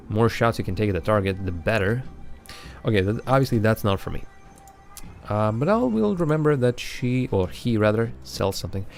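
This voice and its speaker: Man streaming a game, animated pitch. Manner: chatty, thinking aloud, laughs often. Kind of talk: live game playthrough commentary.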